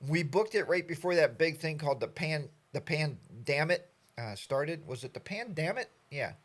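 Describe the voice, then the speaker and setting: A man's voice: on the high side, moderate pace. A man in his sixties hosting a casual live stream, rambling and joking as he greets viewers by name. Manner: rambling, jokey, animated storytelling.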